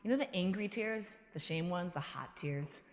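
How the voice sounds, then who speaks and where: A woman giving a motivational keynote talk, an animated storyteller who acts out quotes with a lively voice and laughs between stories. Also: lowish voice, normal speed. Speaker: keynote speaker. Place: large conference hall. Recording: echoey hall reverb.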